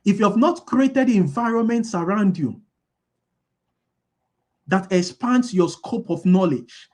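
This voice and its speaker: Guy with a pretty high voice doing a motivational business talk, says stuff twice, quizzes the audience. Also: lively intonation, slow, darkish tone. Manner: repeats key lines for emphasis; asks the audience call-and-response questions. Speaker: business speaker.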